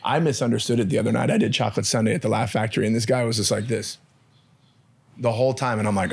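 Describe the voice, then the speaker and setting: Fast-talking man telling comedy stories. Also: medium pitch, vocal fry, husky. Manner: animated storyteller, acts out quotes. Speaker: podcast host and comedian. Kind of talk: casual chat.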